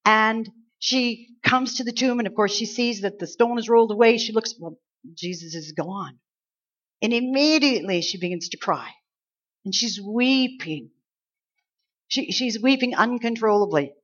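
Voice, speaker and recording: Lady preacher, chatty and animated, kinda muffled lo-fi sound. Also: fairly high pitch, normal speed. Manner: conversational, animated, acts out angels' lines. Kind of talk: Easter sermon. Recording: slightly dull lo-fi sound.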